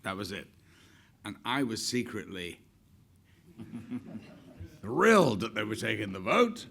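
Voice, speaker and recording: Older man, gravelly, anecdotal, laughs a lot. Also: on the low side, sing-song, unhurried, a bit bright, a little hiss or hum. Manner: chatty, laughs often, acts out quotes. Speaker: actor telling stories. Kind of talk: casual anecdotes on stage.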